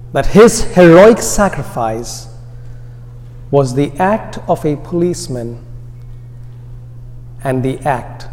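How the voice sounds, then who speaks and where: A man with an Indian American accent preaching an Easter sermon in a church, slow and deliberate, letting his phrases trail off softly. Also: on the high side. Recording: long reverb of a large hall.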